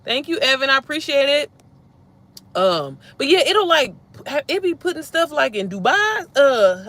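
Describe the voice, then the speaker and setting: A woman hosting a casual livestream, her voice bright and forward. She talks in an animated, slangy way, addressing her viewers directly like friends. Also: high-pitched. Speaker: livestream host.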